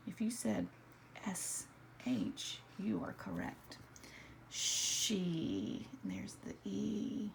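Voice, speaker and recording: A woman teaching an early-grade writing lesson, slowly sounding out letters and words in a soft, often whispered voice. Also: on the low side, gravelly, a little hiss or hum. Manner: slow, patient, sounding out letters.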